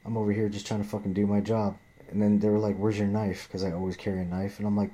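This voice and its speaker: A man's voice: low-pitched, level tone, brisk, mellow. A man ranting in a profane, rambling monologue, often restarting and repeating himself.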